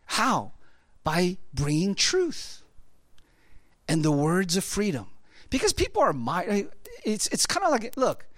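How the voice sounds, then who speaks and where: A male pastor delivers a loose, conversational sermon, wandering through asides and fillers. His voice sits high and swings widely in pitch. The sound is dry and close. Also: huge pitch swings, takes it slowly, long pauses, a bit bright, no room sound. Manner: casual, rambling, full of fillers and asides.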